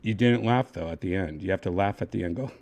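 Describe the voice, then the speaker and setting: A man hosting a casual livestream who talks in a pushy, halting way and keeps restarting his sentences. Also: low voice, creaky, a little mellow. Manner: pushy, halting, repeats himself. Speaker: livestream host.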